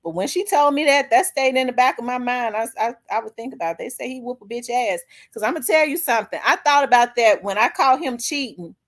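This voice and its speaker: A middle-aged woman, hosting a vlog and telling a story in a blunt, profane, animated way. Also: fairly high pitch, brisk, few pauses. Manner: blunt, profane, animated, acts out quoted people. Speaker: vlog host. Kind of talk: candid storytelling monologue.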